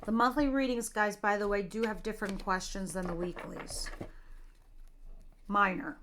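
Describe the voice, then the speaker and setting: A woman's voice: mid-range voice, fairly even intonation, normal speed, heavy background noise. Middle-aged woman, tarot reader, loose and talkative, plain mid-range voice. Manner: chatty, jokey, talks straight to viewers. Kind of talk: casual tarot reading monologue.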